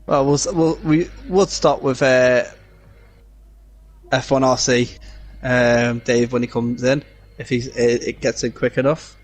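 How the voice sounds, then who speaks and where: A man giving casual live commentary on an online racing league, chatty and halting with many fillers. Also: medium pitch, fairly even intonation, soft background music.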